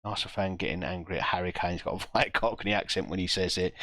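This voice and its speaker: A man streaming a football management game, reacting live with self-mocking groans and quick asides to chat. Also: deep voice, fairly bright tone, no room sound.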